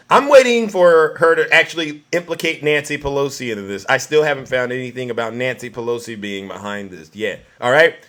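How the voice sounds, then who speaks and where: A man's voice: mid-range voice, brisk. A man giving a mocking, ranting political commentary, often turning to his listeners with a direct address. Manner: mocking, keeps addressing "ladies and gentlemen".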